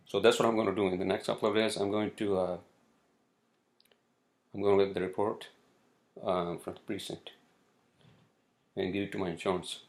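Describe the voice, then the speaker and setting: A man's voice: low-pitched, flat delivery, normal speed, long pauses. A man telling a story in a casual rant, exasperated, swearing often and restarting his sentences. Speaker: vlogger. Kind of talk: casual ranting monologue. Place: city where he lives.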